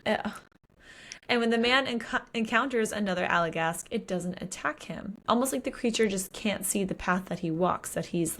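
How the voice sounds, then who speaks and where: A woman co-hosting a podcast, casually recapping a book and acting out the characters' lines with swearing and exclamations. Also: medium pitch. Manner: animated retelling with voiced quotes and swearing. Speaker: podcast co-host.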